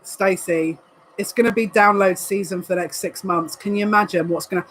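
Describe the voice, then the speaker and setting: A woman, a psychic reader, giving a live card reading to viewers in an excitable, emotional way, full of quick asides. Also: medium pitch, a little hiss or hum, low-quality recording.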